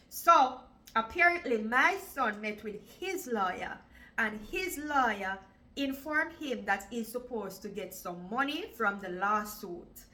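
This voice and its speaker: A woman's voice: medium pitch, bright, forceful tone, poor audio. A Jamaican woman in her forties telling her own story in a vlog, emotional and repeating "like" often. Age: 40s. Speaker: vlogger.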